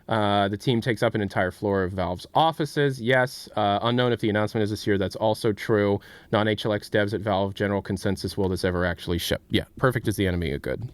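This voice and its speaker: A man's voice: lowish voice, clear, resonant tone, no echo. A man hosting a casual livestream, rambling as he answers chat questions. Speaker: streamer and host.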